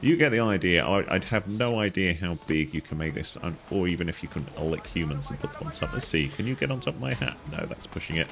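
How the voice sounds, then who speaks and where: A man's voice: expressive, fast, creaky, hardly any pauses, a bit bright. A man narrating a playful game walkthrough, joking and chatting to the characters as he plays. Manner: jokey, talks to characters in silly voices, jumps high in pitch. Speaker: gaming guide host.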